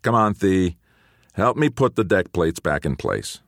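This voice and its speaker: Man doing a gruff dad, deep and stern, lots of up and down, dry close audiobook mic. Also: sing-song, unhurried, fairly bright tone, no echo, heavily acted. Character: gruff, thick-set middle-aged father, ship captain.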